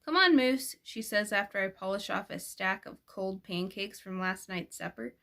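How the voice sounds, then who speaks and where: A woman's voice: medium pitch, little pitch movement, normal speed, creaky, bright, forceful tone. Woman reading a novel aloud. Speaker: audiobook reader. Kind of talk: first-person audiobook narration.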